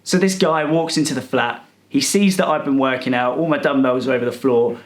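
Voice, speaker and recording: A man's voice: mid-range voice, brisk, reverberant. A man telling a comic story as a rude, boastful character, sarcastic and fed up. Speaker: comedic storyteller.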